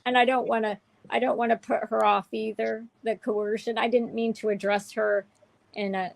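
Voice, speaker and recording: A woman's voice: a little high, flat delivery, normal speed, creaky, no echo, poor audio. A woman hosting a candid livestream chat, speaking in a heartfelt, emotional way with many restarts. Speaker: show host.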